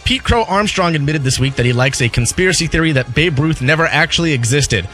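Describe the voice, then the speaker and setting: A man reading sports questions on a radio talk show, brisk and straightforward. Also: fairly high pitch, lively intonation, sharp tone, faint music behind. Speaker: radio producer asking questions.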